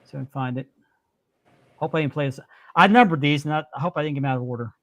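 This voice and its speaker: High-voiced, indignant man hosting a show. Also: fast, a bit bright, no echo. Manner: indignant, repeats himself for emphasis. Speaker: podcast host. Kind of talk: live-stream talk show.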